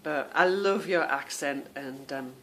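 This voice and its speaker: A woman's voice: low-pitched, a little slow, fairly bright tone, a little hiss or hum. A woman hosting a podcast, chatting casually at home and calling her listeners "girl" and "girlies". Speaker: podcast host. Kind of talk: casual chat.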